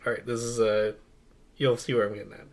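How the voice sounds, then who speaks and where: A man's voice: medium pitch, flat delivery, brisk. Young male podcast co-host, eager and rambling, casual movie talk, laughs a lot. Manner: enthusiastic, rambling, laughs often. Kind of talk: casual movie review chat.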